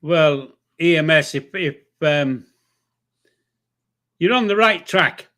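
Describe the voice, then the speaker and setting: An older man with a Yorkshire accent, co-hosting a casual live stream with halting, hesitant talk and dry humour. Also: fairly high pitch, animated, bright, forceful tone. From Yorkshire, England.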